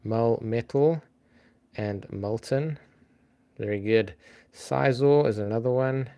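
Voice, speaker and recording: A man's voice: mid-range voice, slow, warm tone. A man hosting a live-stream trivia game in a casual, chatty way, thinking aloud and greeting viewers by name.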